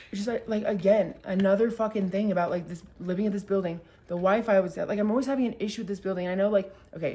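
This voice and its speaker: A young woman in her twenties telling a story to her camera at home, animated and cursing, with many "like"s. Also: medium pitch. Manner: animated, swearing, heavy use of "like". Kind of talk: casual storytime vlog.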